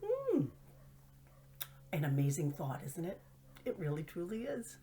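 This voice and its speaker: A woman's voice: low voice, expressive, normal speed, dark tone. A middle-aged woman telling humorous stories in a playful, self-mocking way, often dropping to a whisper for asides. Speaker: host. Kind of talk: humorous storytelling monologue.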